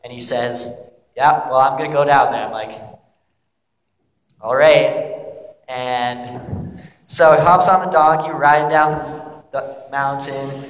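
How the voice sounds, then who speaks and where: A man's voice: medium pitch, steady tone, takes it slowly, long pauses, lightly acted. A man playing a bewildered young disciple in an echoey hall. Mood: earnest, confused. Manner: rambling, casual, full of "like". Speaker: actor playing a biblical disciple. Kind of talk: monologue, casual modern retelling. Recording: echoey hall with long reverb.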